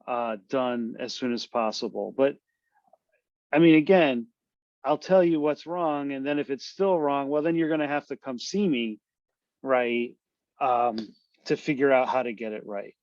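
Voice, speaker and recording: A man's voice: medium pitch, a little slow, a little mellow, no echo, dull audio. A man lecturing a university class online in a casual, conversational way, often checking in with "right?" to his students. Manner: loose, conversational, full of tag questions.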